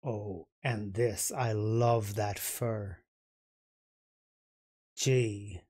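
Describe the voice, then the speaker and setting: A man hosting a reaction video, gushing and halting as he comments, often repeating his words. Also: on the low side, fairly even intonation, heavy background noise.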